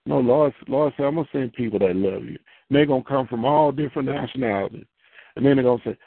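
A man's voice: medium pitch, a little fast. A man preaching in a loose, conversational way, repeating phrases and building into fervent prayer. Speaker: pastor. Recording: tinny phone-line radio audio.

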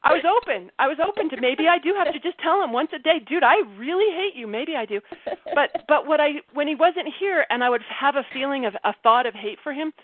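A woman candidly telling a personal story on a group call, animated and laughing, often breaking off mid-sentence. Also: sits high, a little fast, no room sound. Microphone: video call. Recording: tinny phone-like call audio.

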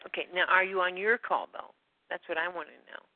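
A woman's voice: on the low side, steady tone, a little fast, slight background noise. A woman hosting a community call, chatting casually and laughing often between remarks. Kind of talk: casual phone chat. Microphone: phone. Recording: thin phone line.

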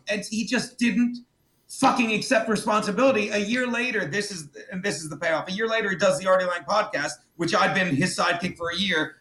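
A comedian guest on a podcast tells a story, swearing a lot and animatedly mimicking other people in quotes. His voice sits high and his pace is brisk. The podcast studio recording has a roomy echo.

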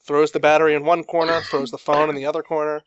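Game master, male, higher-pitched, relaxed narration, dry dull lo-fi mic; brief: tabletop host voice. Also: fast, no room sound.

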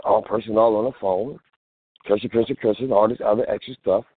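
A man's voice: fairly low pitch, steady tone, fairly quick, husky, dry recording. A man hosting a call-in show, preaching in casual street talk and acting out phone calls. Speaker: host. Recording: tinny phone-line sound.

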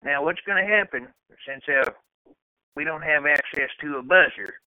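A man's voice: on the high side, normal speed, clear, resonant tone, dry recording, phone-quality sound. A man hosting a casual podcast, joking and hesitant as he runs a music quiz. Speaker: podcast host. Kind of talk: casual chat, game-show hosting.

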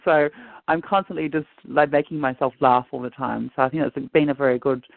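A man's voice: medium pitch, fairly even intonation, fairly quick, creaky, no echo. A man calling in as a guest, telling his story in a chatty, joking, run-on way. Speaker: guest caller. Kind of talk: casual call-in chat. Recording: phone-line audio.

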